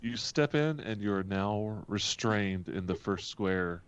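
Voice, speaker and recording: A man running a tabletop game as game master, laid-back and animated as he narrates and makes rulings. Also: lowish voice, a little slow, smooth, lo-fi sound.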